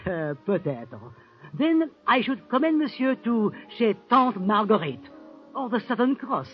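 High, sing-song French waiter, obsequious, in a dull old radio drama recording. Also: male voice, big pitch swings, unhurried, faint music behind. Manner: obsequious, lilting, sprinkles French phrases. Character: fussy male French hotel waiter. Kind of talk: 1940s radio acting.

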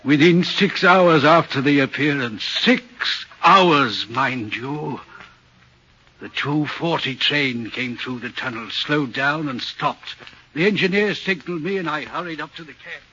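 An actor playing an uneasy railway signalman in vintage radio drama, talking in an earnest, troubled, deliberate way with a husky voice. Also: fairly high pitch, sharp tone, a little hiss or hum. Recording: muffled old radio recording.

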